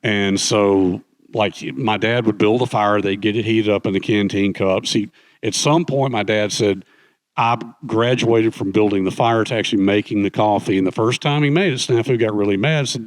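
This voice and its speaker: Middle-aged male guest, low voice, dry close mic, lively anecdotal storyteller. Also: moderate pace, no echo. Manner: animated, acts out quoted voices. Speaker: guest speaker, author. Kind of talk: conversational storytelling.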